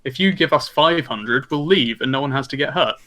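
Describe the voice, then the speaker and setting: Man, Australian accent, bright voice, blunt sardonic player. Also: medium pitch, brisk. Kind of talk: in-character tabletop play.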